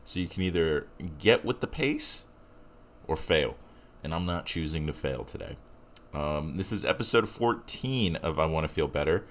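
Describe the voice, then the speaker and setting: A man's voice: very deep voice, animated, normal speed, fairly bright tone, a little hiss or hum. A young man hosting his own podcast, talking casually in a rambling, self-deprecating way with lots of fillers. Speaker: podcast host. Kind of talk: casual solo podcast intro.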